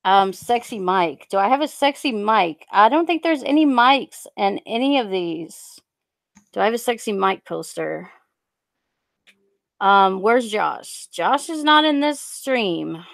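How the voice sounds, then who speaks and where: A young woman on a casual live stream, rambling and halting with lots of fillers as she reads out viewer comments into a USB desk mic. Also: mid-range voice, animated, creaky, no room sound.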